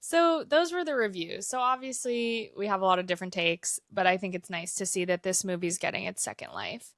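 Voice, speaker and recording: A woman's voice: medium pitch, fairly quick, fairly bright tone, dry recording, studio quality. A young woman co-hosting a podcast, talking in an easygoing, casual way with many "like" fillers. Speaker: podcast co-host. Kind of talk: casual chat, reading a review aloud.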